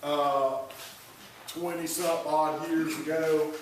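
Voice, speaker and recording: A man preaching in a slow, unhurried way with a slightly high voice, teasing his listeners between points. His words ring through a big echoey room, picked up from some distance with faint background noise. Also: flat delivery. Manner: folksy, joking asides to the congregation. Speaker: pastor. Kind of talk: sermon.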